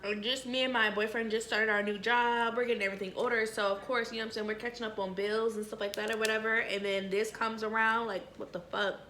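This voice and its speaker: A young woman with a bright, sharp voice chats casually through a personal story. She is blunt and profane, and she leans on filler phrases. Her tone is candid and unpolished, like a vlogger talking to her viewers. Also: on the high side, level tone, fast talker, hardly any pauses, slight background noise. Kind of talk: casual storytime during an eating video.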